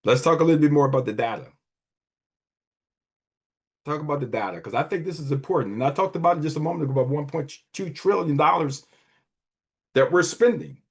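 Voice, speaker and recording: A man with a slightly high, breathy-edged voice speaks fairly quickly but pauses often. Middle-aged, he is a wealth advisor hosting a podcast, emphatically preaching motivation about money and repeating phrases for emphasis.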